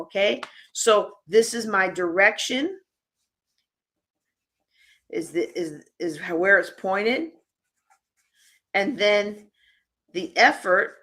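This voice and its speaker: A woman leads a live conference workshop, addressing her audience directly in an energetic, chatty way. Her voice falls in the mid range.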